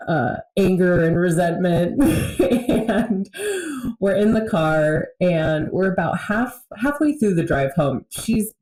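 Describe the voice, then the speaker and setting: A woman's voice: fairly low pitch, animated, takes it slowly, a little mellow, reverberant, low-quality recording. A woman in a casual podcast conversation, telling a candid story about her family and laughing often. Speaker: podcast conversation partner, mother.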